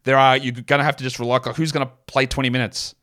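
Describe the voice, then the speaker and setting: A man's voice: medium pitch, flat delivery, fast talker, sharp tone. A man hosts a solo fantasy basketball podcast in a casual, analytical way. His voice sits in an ordinary middle range. He rambles, doubles back and corrects himself, with plenty of fillers.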